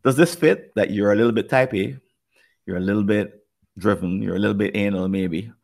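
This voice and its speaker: Gravelly Jamaican man, thoughtful. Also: fairly low pitch, darkish tone. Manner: thoughtful, speaks in halting restarts. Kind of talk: podcast conversation.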